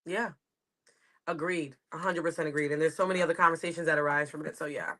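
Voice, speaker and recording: Woman, New York accent, comedian guest, video call, rambling casual chat, bright tone. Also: deep voice, fairly even intonation, fast. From United States. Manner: rambling, chatty, laughs easily.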